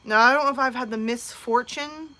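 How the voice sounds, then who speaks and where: A woman's voice: a little high, a little fast, sharp tone. A woman in her thirties hosting a casual live stream from home, chatting and answering viewers' comments.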